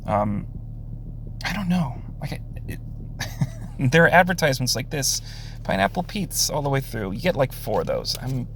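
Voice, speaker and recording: A man's voice: mid-range voice, big pitch swings, normal speed, gravelly, long pauses, a bit bright, a little hiss or hum. Sarcastic man reviewing a comic. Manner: sighing, laughing, sarcastic, with many fillers. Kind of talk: casual spoken review.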